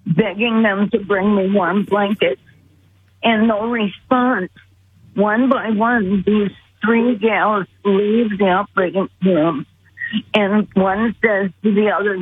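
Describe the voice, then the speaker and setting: A woman's voice: mid-range voice, takes it slowly, a little hiss or hum. A woman earnestly retelling a personal story as a guest, calling in by phone. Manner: earnest, vivid retelling with quoted voices. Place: phone call. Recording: tinny phone line.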